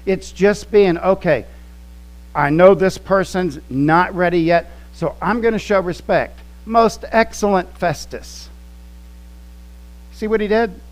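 A man delivering a sermon at a slow, deliberate pace, leaning hard on key words. His voice sits a little high for a man. A faint electrical hum runs under the recording. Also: rough recording. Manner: slow, emphatic teaching with quoted scripture and word studies. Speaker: pastor.

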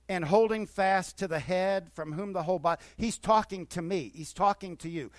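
Middle-aged guy pastor, high voice, chatty sermon that keeps swelling up excited, dry close sound. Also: no echo. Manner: conversational preaching with rising bursts of enthusiasm.

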